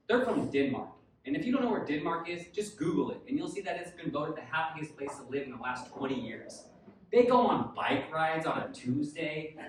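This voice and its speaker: A man performs a stand-up set on a club stage, his voice fairly high. He delivers dry setups and then bursts into shouted punchlines. The sound is distant and echoey, with a noisy room behind him. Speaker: stand-up comedian.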